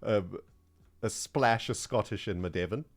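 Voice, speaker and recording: A man's voice: lowish voice, normal speed, soft background music. A man chatting casually on his livestream, self-mocking and chatty, with plenty of fillers. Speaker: streamer.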